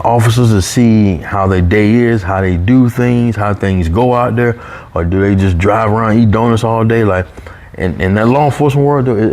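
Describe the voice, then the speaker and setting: A man telling a long personal story in a casual, animated way, jumping up in pitch whenever he quotes other people. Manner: animated, raises pitch when quoting coworkers.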